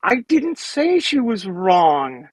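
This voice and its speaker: A man in a heated online discussion, talking in halting bursts with many restarts and defending his account. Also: high-pitched, huge pitch swings, no room sound, poor audio.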